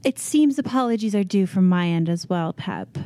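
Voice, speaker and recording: A woman voicing her character in a tabletop game, poised and courtly. Her tone is mellow and dark, at a mid pitch, recorded dry and close. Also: animated, moderate pace, dry recording. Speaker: player. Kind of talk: in-character tabletop role-play.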